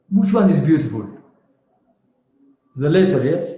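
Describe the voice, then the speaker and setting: A man's voice: fairly high pitch, animated, normal speed, pauses often, warm tone, a little hiss or hum. A man teaching aviation radio in a classroom, switching between English and Amharic and drawing words out to show how they are said. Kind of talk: classroom lecture. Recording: echoey dull classroom recording.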